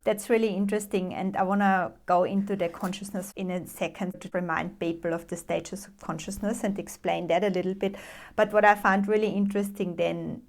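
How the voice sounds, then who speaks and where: Curious, eager woman hosting a podcast. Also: fairly low pitch. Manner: eager, curious, lively questioning. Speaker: podcast host. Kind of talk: interview conversation.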